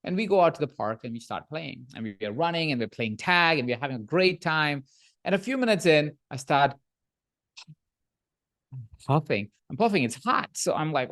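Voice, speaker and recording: A man guesting on a podcast, telling animated stories about coaching and often checking in with a quick "right?". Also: on the high side. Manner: animated storyteller, frequent "right?" tag questions. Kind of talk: podcast interview conversation.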